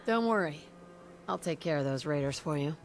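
A steady, reassuring female game protagonist. Her voice is fairly low, with a faint hiss behind it. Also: normal speed.

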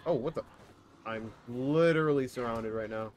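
Young male streamer, mid-pitched voice, frantic and exasperated, live play-by-play into a desk mic. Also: moderate pace, a little hiss or hum. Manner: exasperated, reactive, talks to chat and partner. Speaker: game streamer. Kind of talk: live gameplay commentary.

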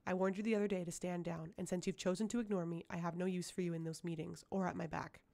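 A cold, ancient witch commander, flat and clipped, her orders gravelly and dark, voiced by a woman reading an audiobook. Every line is a command. She never raises her voice. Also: lowish voice, quick pace. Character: cold ruthless female witch leader, ancient.

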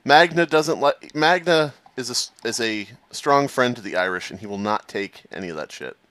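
A man's voice: medium pitch, expressive, normal speed, fairly bright tone, no room sound. A man joking wryly with friends during an online game. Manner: wry, teasing jokes. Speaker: gamer. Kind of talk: casual gaming chat.

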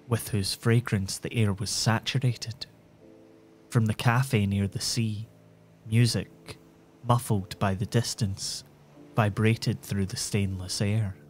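A man reads a bedtime story in a calm, measured, soothing way. His voice is low and even, unhurried, with gentle music faintly underneath.

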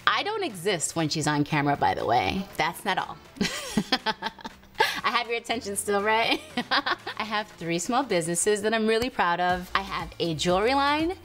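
A woman's voice: mid-range voice, big pitch swings, normal speed, a bit bright, faint music behind. Bubbly chatty woman host. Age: adult with a teen daughter and a baby. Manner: bubbly, laughs often, chatty asides. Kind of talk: casual chat to camera.

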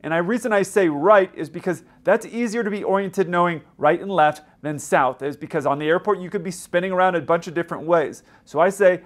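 A man's voice: high voice, a little fast, hardly any pauses. Man explaining in a chatty tone. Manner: explanatory, conversational. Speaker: aviation video host. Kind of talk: commentary on radio recordings.

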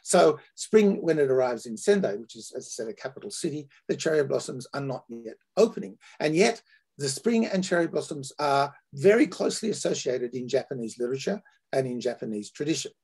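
A man with an Australian accent giving an academic lecture, halting with frequent fillers and restarts. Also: medium pitch, expressive, darkish tone, breathy edge.

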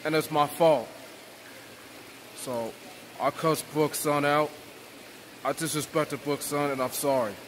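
A man vlogging a casual, rambling apology to camera, halting and repeating himself. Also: on the high side, steady tone, a little hiss or hum. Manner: repetitive, halting, with restarts.

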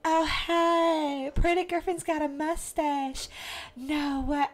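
A goofy, exaggerated cartoon voice, as a woman puts it on, pitched high and drawled slowly. Every line comes out broad and silly. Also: fairly even intonation.

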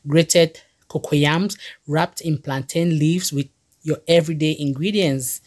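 A young Cameroonian-accented woman, a food vlogger, runs through a list of dishes chatty and enthusiastic, laughing easily. Her deep, darkish voice stays steady in tone and a little slow.

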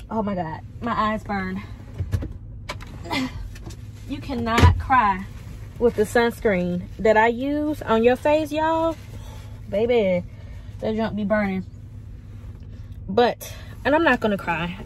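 A woman's voice: mid-range voice, slight background noise. A woman in her twenties vlogging frankly from her parked car, speaking openly and getting emotional. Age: 20s. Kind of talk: candid personal vlog.

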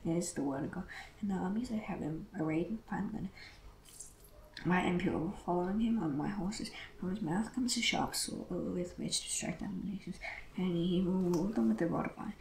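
Scripture reader, gravelly tone, measured pace, echoey room, faint hiss. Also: mid-range voice. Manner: steady, measured reading with occasional restarts. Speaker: Bible reader. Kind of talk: reading scripture aloud.

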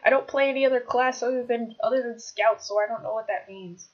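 A woman commentating her own gameplay, chatty, bursting into excited shouts when things go wrong. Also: fairly high pitch, brisk, highs cut off. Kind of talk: Minecraft let's play commentary.

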